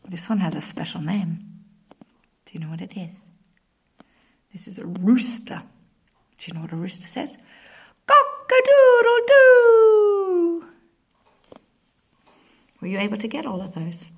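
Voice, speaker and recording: A woman's voice: lowish voice, moderate pace, creaky, pauses often, dark tone. A woman teacher leading a playful animal-sounds lesson for children, imitating animal noises. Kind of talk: playful classroom video lesson.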